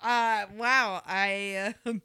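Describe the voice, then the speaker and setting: A woman's voice: medium pitch, steady tone, extremely slow, bright, forceful tone, smooth, no echo, clean studio sound. A woman co-hosting a podcast in casual chat, playful and jokey with crude banter. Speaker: podcast co-host.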